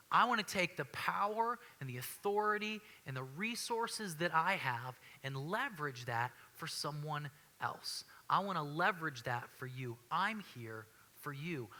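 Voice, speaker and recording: A man in his thirties delivers a sermon to his church, speaking in a casual, earnest way and circling back over his own phrases. His voice sits high for a man, with a very bright, forward tone. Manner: conversational, earnest, repeats himself and restarts often. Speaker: pastor. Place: church sanctuary.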